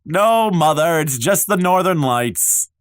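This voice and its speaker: A man's voice: medium pitch, wildly swooping pitch, measured pace, a bit bright, heavily acted. A man doing a flustered, fibbing Principal Skinner. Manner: nervous, overly polite excuses. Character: flustered, fibbing middle-aged male school principal.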